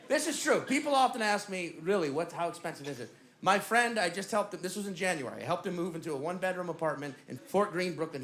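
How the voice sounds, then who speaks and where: A male stand-up comedian telling an animated, punchy story on a comedy club stage. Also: high voice, slight background noise.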